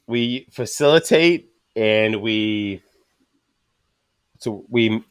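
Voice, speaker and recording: A man hosting a casual podcast chat, talking bluntly and with lots of swearing as he tells animated stories about his trade. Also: lowish voice, drawn-out words, clean tone, no echo, clean studio sound. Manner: blunt and profane, animated storytelling. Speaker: podcast host and rebar worker.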